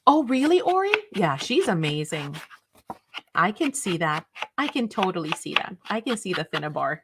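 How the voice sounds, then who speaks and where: A woman's voice: low-pitched, sing-song, moderate pace, background noise. A woman hosting a craft live stream, chatting casually with viewers in an enthusiastic, rambling way.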